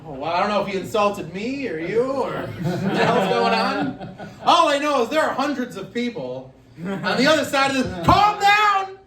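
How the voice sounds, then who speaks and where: Man, stand-up comic, rambling and loose, laughs at own jokes, high lively voice, echoey distant room. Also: moderate pace, crowd noise. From Italian-American family. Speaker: stand-up comedian. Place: live comedy venue, heard from the stage.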